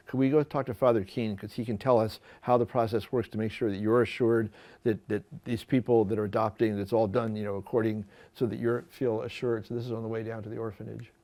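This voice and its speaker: A man with a lowish voice tells a personal story from the stage as he shows slides. He speaks in halting bursts, restarts his sentences and repeats words. Now and then he acts out the lines of the people in the story. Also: mellow. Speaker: photographer giving a talk.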